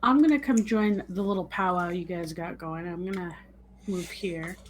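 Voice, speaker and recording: A woman's voice: fairly low pitch, normal speed, a little hiss or hum, low-quality recording. A woman playing a tabletop game, thinking aloud as she picks her moves. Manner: thinks aloud while deciding. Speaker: player. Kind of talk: casual tabletop game chat.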